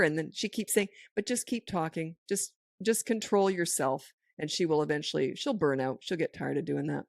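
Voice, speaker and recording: A woman's voice: fairly low pitch, fairly quick, gravelly, hardly any pauses, no echo. A middle-aged woman, a parenting coach and podcast host, answering listener questions in a firm, direct manner and acting out what parents should say, close to a studio microphone.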